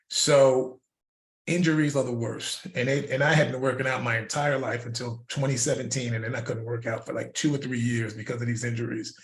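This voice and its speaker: An older man coaching fitness, talking in a loose, storytelling way with laughs now and then. His voice sits at an ordinary middle pitch. The room adds a noticeable echo. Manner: animated storytelling with laughs and repeated words. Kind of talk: casual instructional talk. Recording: roomy echo.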